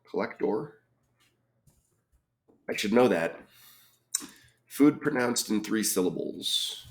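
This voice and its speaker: Low, slow man muttering crossword clues. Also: creaky. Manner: muttering clues, thinking aloud with fillers. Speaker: crossword reviewer. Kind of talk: solving a crossword aloud.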